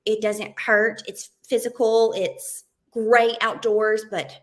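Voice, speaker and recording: A woman guest on an interview, telling stories in a casual, animated way and acting out quotes and sounds. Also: a little high, slow pace. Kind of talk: casual anecdotal storytelling.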